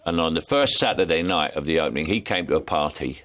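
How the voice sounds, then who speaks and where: Deep-voiced older Cockney man, anecdotal guest, animated delivery. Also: fast. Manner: chuckling storyteller, plays voices in anecdotes. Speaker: actor, guest. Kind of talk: anecdotal chat.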